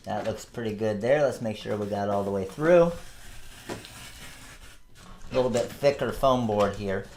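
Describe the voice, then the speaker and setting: A man's voice: fairly low pitch, measured pace, long pauses, darkish tone. A man in his thirties hosting a casual how-to tutorial, chatting through each step as he works. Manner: chatty, explains each step while working. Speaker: host of a craft supply tutorial channel.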